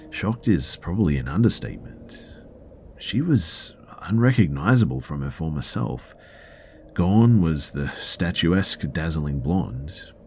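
A man narrating a first-person story in a measured, matter-of-fact way. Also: extremely low pitch, a little mellow, slight background noise.

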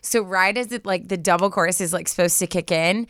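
A woman in casual chat, animated and supportive, talking with many fillers. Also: lowish voice, brisk, no echo, clean studio sound. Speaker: co-host.

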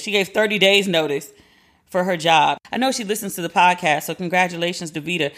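A woman in her forties hosting a podcast, chatting casually and animatedly, slangy, acting out quoted people in a higher voice. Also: a bit bright. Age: 40s. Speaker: podcast host. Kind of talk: casual chat.

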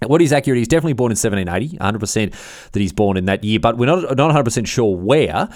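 An Australian man talks through history like he's chatting with a mate, slangy and full of fillers. He speaks fast, and his pitch jumps around with plenty of life. The recording is dry and close to the mic. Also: dry recording. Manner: blokey and animated, peppered with slang and fillers. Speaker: podcast host. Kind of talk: casual history podcast chat.

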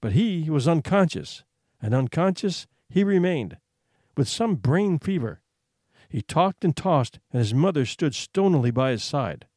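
A man narrating a short story in an expressive, suspenseful reading. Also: a little high, unhurried, no echo, clean studio sound. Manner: expressive, suspenseful, hushed for tension.

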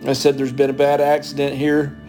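A man's voice: medium pitch, monotone, brisk, over music. A man interviewed as a coworker, plain-spoken and repeating phrases as he retells events. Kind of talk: recounted interview testimony.

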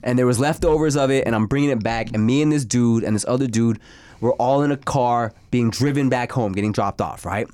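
A man's voice: medium pitch, a little fast, darkish tone. A man co-hosting a casual podcast, telling a story in a loose, profane, laughing way. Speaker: podcast co-host.

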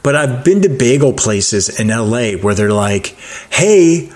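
A man's voice: fairly low pitch, moderate pace. A man co-hosting a casual chat, laid-back and joking as he reads out trivia facts. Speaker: podcast co-host. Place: Los Angeles.

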